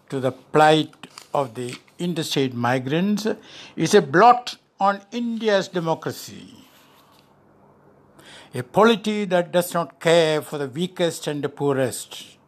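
An older man, a former ambassador, answering an interview question in a measured, emphatic way, stressing key words. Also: on the high side. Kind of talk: deliberate spoken commentary.

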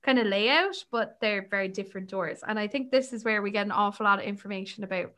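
A young woman co-hosting a casual book podcast, chatty and quick to laugh, with lots of fillers. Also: medium pitch, fairly bright tone. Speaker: podcast co-host.

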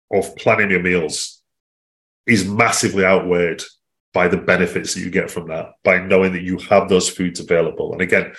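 A man, a fitness coach co-hosting a podcast, talking in a casual, animated way. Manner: animated, jumps in pitch for emphasis.

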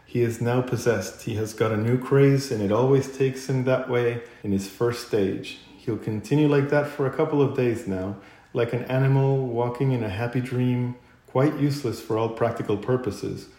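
Man voicing a firm storybook rat, stern and loud, mellow, echoey room. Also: mid-range voice, moderate pace, natural voice. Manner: firm, shouting. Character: indignant male water rat, stern and practical.

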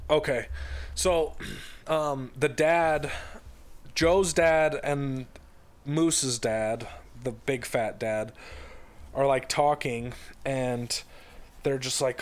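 A man's voice: mid-range voice, fairly even intonation, drawn-out words, pauses often. A man casually retelling a story in a podcast chat, rambling, with lots of fillers and restarts.

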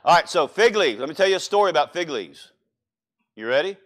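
Animated Louisiana preacher quizzing his flock. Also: a little high, fairly quick. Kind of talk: sermon.

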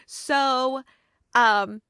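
Bright lady host gushing thru a movie plot, says like a lot, laughs, dry close mic. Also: high voice, very slow, smooth, dry recording. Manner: animated, laughs often, heavy use of "like". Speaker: movie review podcast host. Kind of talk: casual chatty plot recap.

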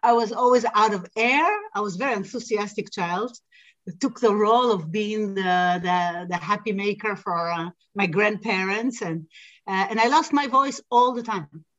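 Woman, podcast guest, singer, animated storytelling, halting fillers, dull lo-fi recording. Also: medium pitch. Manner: animated storytelling with frequent hesitations. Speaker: guest, singer and sound healer. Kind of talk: casual podcast interview.

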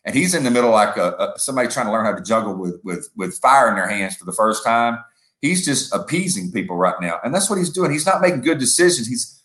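A man's voice: mid-range voice, very animated, fast, fairly bright tone, reverberant. A man co-hosting a political podcast, rambling and making sports comparisons. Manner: rambling, uses football comparisons, acts out quotes. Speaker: podcast co-host. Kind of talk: casual political commentary.

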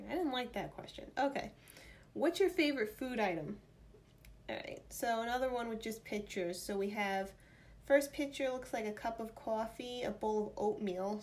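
A woman with a New York accent, vlogging in casual chat, reading out quiz options and thinking aloud playfully. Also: medium pitch. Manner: chatty, playful, reads options aloud and muses.

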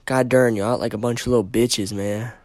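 A lone podcaster lets loose an angry, expletive-filled rant, stumbling and stammering in agitation. He talks briskly at medium pitch with fairly even intonation and a slightly mellow tone, and there's no echo.

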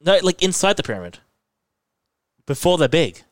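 A man's voice: fairly high pitch, normal speed, no echo. Rambling man recapping a show, dry sound. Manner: rambling, filler-heavy, animated retelling. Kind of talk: casual chat recapping a TV episode.

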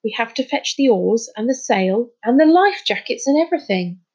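A woman's voice: a little high, expressive, normal speed, a little mellow, husky, dull audio, pitched above the performer's own voice. A woman reading a storybook, voicing a blunt, cocky young boy who is proud of his boat. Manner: blunt, boastful.

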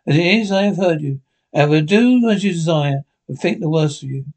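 A man's voice: on the high side, animated, a little fast, darkish tone. A man voicing a pompous country squire who speaks emphatically. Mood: blustering.

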